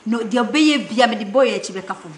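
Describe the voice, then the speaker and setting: Frank woman, slightly high voice. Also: lively intonation, fast talker, a little hiss or hum. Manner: frank, mixes Twi and English. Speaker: interview guest. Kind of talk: casual interview chat. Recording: roomy echo.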